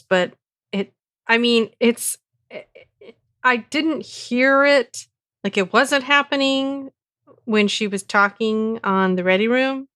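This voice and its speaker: A woman co-hosting a podcast in casual chat, talking in halting bursts with easy laughter. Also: a little high, a bit bright, no room sound, studio quality. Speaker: podcast co-host.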